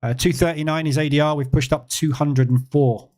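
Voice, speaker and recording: A man hosting a live trading session, explaining in a relaxed, conversational way with fillers and emphatic repeats. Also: a little high, a little fast. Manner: relaxed, conversational, answers chat questions; emphatic repetition with frequent fillers. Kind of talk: live-stream market commentary.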